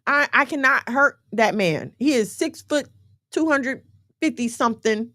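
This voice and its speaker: A woman's voice: fairly high pitch, animated, unhurried, pushed and bright, no echo, clean studio sound. A woman hosting a casual livestream, giving blunt relationship advice to her viewers and checking in with them as she goes. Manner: emphatic, repeatedly checking in with listeners.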